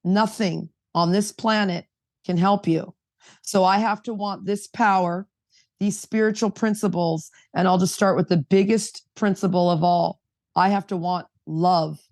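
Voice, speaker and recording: A woman's voice: on the low side, dry recording. A woman on a recovery podcast panel speaking emphatically and directly, with a preachy edge.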